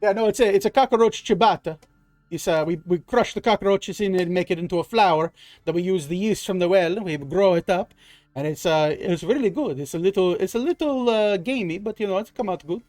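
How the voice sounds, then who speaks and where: A man's voice: high-pitched, a little fast, darkish tone, no echo, soft background music, pitched above the performer's own voice, lightly acted. A man voicing a pushy, cheerful male rat-folk baker with a put-on Italian accent. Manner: brash, haggling, calls everyone boss.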